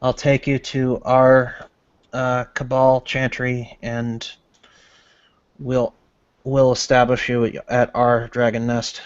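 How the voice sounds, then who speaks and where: A man's voice: medium pitch, monotone, slow, clean tone. A man playing a tabletop game, talking in character in an easygoing, casual way. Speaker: player. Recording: dull lo-fi recording.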